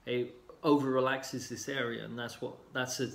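Man, mid pitch, easygoing coach explaining in a roomy space; filler-heavy, mimics the people he describes. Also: normal speed, vocal fry. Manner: relaxed, explanatory, many fillers, acts out clients' lines. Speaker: healing coach. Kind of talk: casual talk to camera. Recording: roomy echo.

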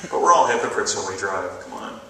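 A man doing a stand-up comedy routine in a college auditorium, animated and jumping between bits with mock outrage, with the audience laughing behind him. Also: fairly low pitch, fast talker, gravelly, a crowd in the background, background noise. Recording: echoey hall taped from far off, audience laughter.

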